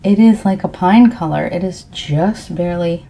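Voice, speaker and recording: Woman doing a soft-spoken asmr tea ramble at home, froggy morning voice, mellow and kinda low. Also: moderate pace, a little hiss or hum, poor audio. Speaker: ASMR creator.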